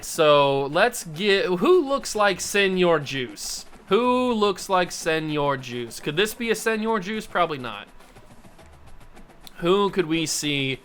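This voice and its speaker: Gaming host, male, bright and fairly high voice, loose self-amused commentary while playing. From Ohio, USA. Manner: chatty, thinks aloud, self-amused. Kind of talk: casual gameplay commentary.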